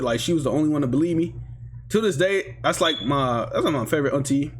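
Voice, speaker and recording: A young man telling a story in a casual vlog, full of slang, swinging between loud bursts and mumbles. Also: on the high side, big pitch swings, a little fast.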